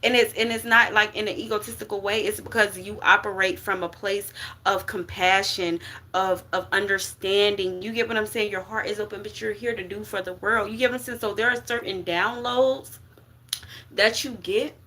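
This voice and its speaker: A woman's voice: medium pitch, fairly even intonation, moderate pace, bright, forceful tone. A woman giving a casual spiritual reading to viewers, slangy and emphatic, often checking in with her listeners. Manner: slangy and emphatic, checks in with "okay?" and "you get what I'm saying?". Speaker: spiritual reader.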